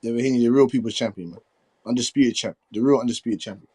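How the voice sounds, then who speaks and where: A man in a heated, profane boxing debate, combative and quick to laugh it off as banter. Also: mid-range voice, mellow, slightly rough, dry recording.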